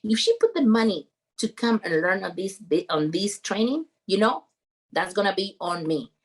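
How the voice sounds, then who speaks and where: A woman's voice: medium pitch, moderate pace. Earnest woman, English. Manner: animated, earnest, non-native English grammar. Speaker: podcast guest, roofing business founder. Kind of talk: emotional storytelling in conversation.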